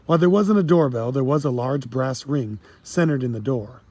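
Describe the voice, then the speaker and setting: A man reading a children's storybook aloud in a steady, plain storytelling manner. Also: medium pitch, normal speed. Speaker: audiobook narrator. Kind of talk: storybook narration.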